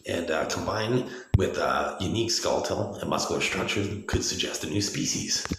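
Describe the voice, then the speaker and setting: A man's voice: low voice, normal speed, noisy background. A man in his forties giving an agitated, profane, rambling monologue, full of restarts. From Canada. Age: 40s. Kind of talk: ranting video monologue. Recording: very echoey room.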